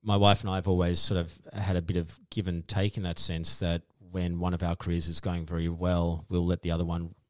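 An Australian man, a podcast guest, telling his story in a modest, halting way with many restarts. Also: sits low, flat delivery, no echo, clean studio sound. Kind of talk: casual interview chat.

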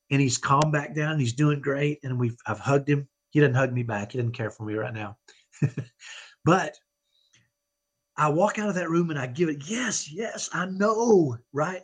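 A man's voice: on the high side, slightly rough. A middle-aged man giving an earnest, motivational parenting talk as a podcast guest, often checking in with "right?". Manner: earnest, tags points with "right?".

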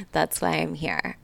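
A woman's voice: low-pitched, gravelly. A woman in her thirties, a podcast guest telling a candid, emotional personal story with swearing and laughs.

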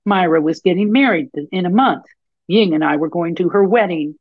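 A woman's voice: fairly low pitch, a little fast, dry recording, narrow, tinny audio, close to an everyday voice. A woman reading the lines of a shaken male cyber vigilante, grieving and enraged, in an audiobook-style story.

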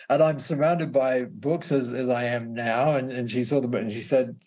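A man's voice: mid-range voice, fairly even intonation, normal speed, darkish tone. An Australian man, a guest in an interview, telling a story casually with many stammered restarts and repeated words.

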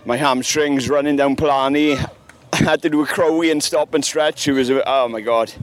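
A man from Wales speaks outdoors after a hard race. He is emotional and close to tears, his voice at a middle pitch. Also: steady tone, moderate pace. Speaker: race finisher.

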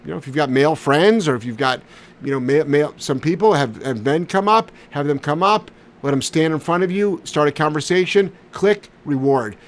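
A man hosts a casual live Q&A as a dog trainer, with a voice that sits a little higher than most men's. He answers bluntly and with energy, and he swears now and then when something annoys him. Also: normal speed. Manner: blunt, profane, animated answers.

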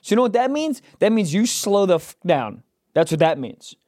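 A man co-hosting a podcast, telling stories in an animated, profane way and shouting out quoted lines. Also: high-pitched, normal speed, dry recording, clean studio sound. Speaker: podcast co-host. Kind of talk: casual comedic chat.

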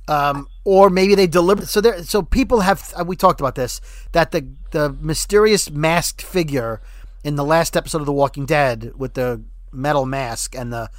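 A man's voice: on the high side, no room sound. A man co-hosting a casual fan podcast, rambling and joking as he talks. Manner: rambling, joking, self-correcting. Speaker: podcast co-host. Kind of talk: casual fan-show chat.

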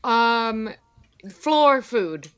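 A woman's voice: fairly high pitch, very animated, extremely slow, smooth. A woman who is a returning regular on a comedy podcast, giggly and teasing the others. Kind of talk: casual comedic banter.

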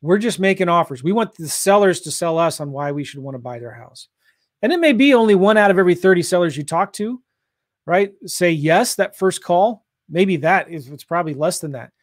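A man from St. Louis coaching real estate investors on a livestream, pushing hard in an energetic sales style. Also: sits high, a little fast, no room sound, studio quality. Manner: pushy, energetic sales talk.

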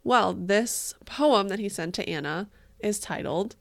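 A woman's voice: mid-range voice, a little slow, vocal fry. A woman co-hosting a podcast in casual, joking chat, sarcastic and a little theatrical. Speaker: podcast co-host.

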